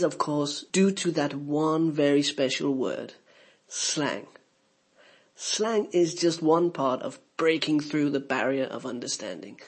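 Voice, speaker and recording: Gravelly-voiced man teaching English. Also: on the high side. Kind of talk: scripted lesson narration.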